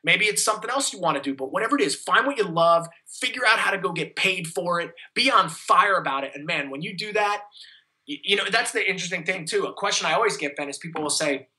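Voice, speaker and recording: A man's voice: high-pitched, animated, fast talker, sharp tone, poor audio. A man, giving an enthusiastic, motivational interview as a fitness coach. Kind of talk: energetic interview talk.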